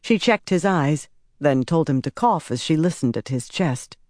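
Low-pitched and measured, a woman narrates an audiobook with an expressive reading of scripted text. The recording is dry and of studio quality.

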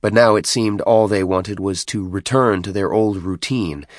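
A man giving scripted audiobook narration with a steady, measured reading. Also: low-pitched, no room sound, studio quality.

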